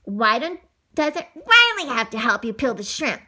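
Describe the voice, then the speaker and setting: A woman voicing a little girl who tattles on her brother in a shrill, yelling voice. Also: big pitch swings, measured pace, exaggerated voice. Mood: whiny.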